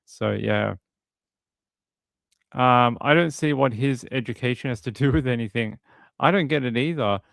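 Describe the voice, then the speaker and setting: A man's voice: medium pitch, normal speed, creaky, pauses often, fairly bright tone, dry recording. A man giving casual livestream commentary on a case, talking in a rambling, conversational way and reading out viewer comments. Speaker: true crime streamer.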